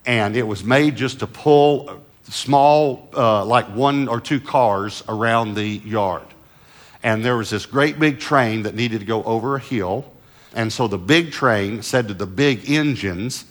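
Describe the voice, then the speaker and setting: A middle-aged man preaching a sermon and telling a personal story, moving between loud emphatic lines and soft hushed asides. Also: medium pitch. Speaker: pastor.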